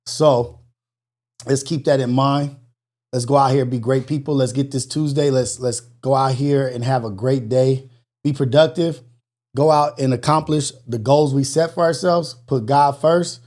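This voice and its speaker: A mid-range-voiced man hosts a live morning call-in show, sounding out of breath as he chats casually. He throws in energetic exclamations along with motivational, prayerful asides.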